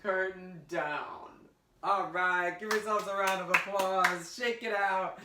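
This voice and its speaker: A man's voice: high-pitched, little pitch movement, unhurried, reverberant, distant mic, background noise. A man teaching a virtual drama lesson to children, upbeat and encouraging as he guides them step by step. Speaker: teaching artist. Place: indoor room, recorded for an online class.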